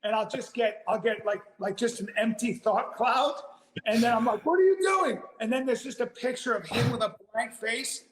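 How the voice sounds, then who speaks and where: A man, a comedian, telling a long funny anecdote, acting out his own reactions with sudden loud exclamations and laughing as he goes. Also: very high voice, fairly even intonation, normal speed, roomy sound, rough recording. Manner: laughs through his story, frequent "like" fillers. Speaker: comedian guest.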